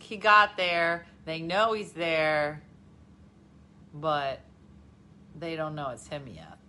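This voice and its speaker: A woman in her forties chatting casually as co-host, animated and acting out her own reactions. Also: deep voice, a little hiss or hum. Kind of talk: casual chat.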